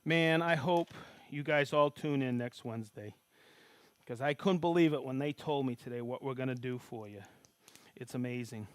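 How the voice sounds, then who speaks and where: In a mid-range voice at normal speed, a man shows off woodworking tools live, folksy and eager, calling out to viewers and checking in with "okay?" again and again. The sound is smooth and the recording dry.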